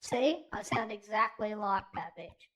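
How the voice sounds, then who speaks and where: A man's voice: high-pitched, measured pace, pushed and bright, heavily acted. A man co-hosting a podcast, speaking through a voice-changer filter that makes him sound like a bratty twelve-year-old girl, sarcastic and crude. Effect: female voice-changer filter. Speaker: podcast co-host.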